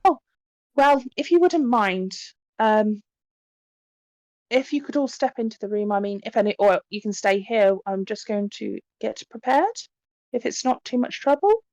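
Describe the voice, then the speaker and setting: A woman voicing a demure young spirit medium who is polite and a little unsettling, speaking softly and courteously with small hesitations. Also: fairly high pitch, lively intonation, normal speed, dry recording, highs cut off, pitched above the performer's own voice.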